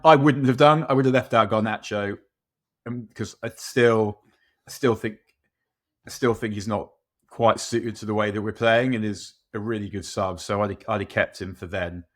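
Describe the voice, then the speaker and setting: A man's voice: fairly low pitch, fairly even intonation, moderate pace. A man co-hosting a football podcast, talking in a rambling, self-mocking way with many restarts. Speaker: podcast co-host. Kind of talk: casual football chat.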